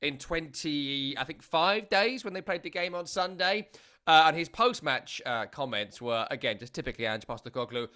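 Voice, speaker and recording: A man's voice: fairly high pitch, animated, normal speed, bright, forceful tone. A British man co-hosting a casual football chat, rambling and chatty with many fillers. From Britain. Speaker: podcast co-host.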